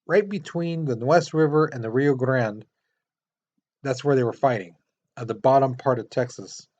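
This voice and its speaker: A man's voice: medium pitch, moderate pace, a little mellow, dull audio. A man teaching a history lesson in a casual, explanatory way, pointing to a map with many fillers. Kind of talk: classroom lecture.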